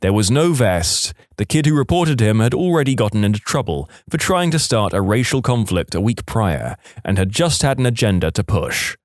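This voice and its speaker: A man narrating internet stories for a podcast in a scripted, animated reading style. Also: fairly low pitch, normal speed, hardly any pauses, dry recording, clean studio sound. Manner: animated reading, shouts quoted lines.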